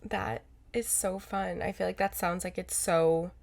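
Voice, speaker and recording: A woman's voice: fairly low pitch, fairly even intonation, a little slow, vocal fry, a little mellow. A young woman co-hosting a podcast in casual chat, rambling and correcting herself as she goes. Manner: rambling, self-correcting, lots of fillers. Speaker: podcast co-host.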